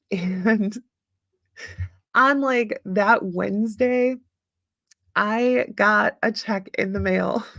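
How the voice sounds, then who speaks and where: Chatty upbeat woman with a gravelly edge. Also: medium pitch, no room sound, studio quality. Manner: chatty, upbeat, laughs often, many fillers. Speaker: podcast host. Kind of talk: casual solo talk with listener comments.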